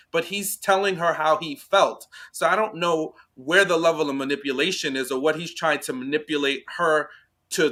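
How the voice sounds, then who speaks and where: A man's voice: a little high, bright, forceful tone. A man co-hosting a podcast, reacting to a reality show in casual discussion, who keeps checking in with "right?" and "you know?". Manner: talks it through, tags points with "right?" and "you know?". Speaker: podcast co-host.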